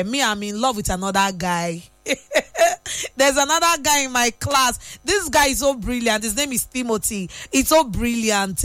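Young Nigerian female host, high-pitched, bantering and teasing, dry close mic. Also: a bit bright, no echo. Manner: chatty, teasing, laughs often, Pidgin slang. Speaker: radio host. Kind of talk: casual chat.

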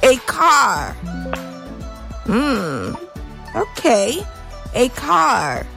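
A woman on morning radio chats playfully with callers, teasing them and at times breaking into a sing-song lilt. Her voice is on the high side and creaky, very slow, with huge pitch swings and music in the background.

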